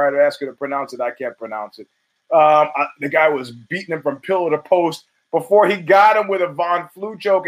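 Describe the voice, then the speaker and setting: A man hosting his own show, giving rambling, profane solo commentary full of restarts and fillers. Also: fairly high pitch. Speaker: podcast host.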